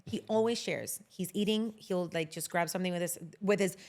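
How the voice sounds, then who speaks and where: A woman in her thirties chatting as a podcast guest, an animated storyteller who swears casually and drops Spanish words into her English. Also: on the low side, brisk.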